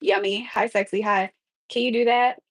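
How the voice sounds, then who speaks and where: A woman's voice: fairly high pitch, fairly even intonation, moderate pace, dry recording, low-quality recording. A young woman live streaming while she cooks, chatting casually and talking back to her chat with sass. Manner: sassy, talks back to the chat.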